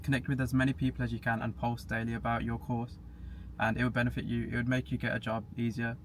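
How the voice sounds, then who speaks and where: A man's voice: mid-range voice, little pitch movement, quick pace. A young man chatting casually as a podcast guest, matter-of-fact and laughing at himself now and then. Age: young adult. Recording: faint background hiss.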